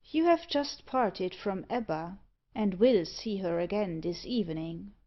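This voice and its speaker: A woman's voice: medium pitch, expressive, measured pace, highs cut off. A cold demonic stranger, as a woman reader puts him on. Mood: commanding. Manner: cold, peremptory, scornful. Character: sinister demonic man in a black cloak, commanding.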